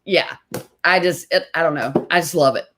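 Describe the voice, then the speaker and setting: A woman's voice: low voice, normal speed, noisy background. A middle-aged woman hosting a casual interview, telling stories chattily and acting out other people's lines with animation. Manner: chatty storyteller, animated when quoting others. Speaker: host.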